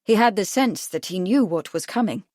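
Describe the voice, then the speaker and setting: In scripted narration for a mystery audiobook, a female narrator keeps her delivery even and story-like. Her pitch is medium and her pace moderate, captured in a dry, studio-quality recording.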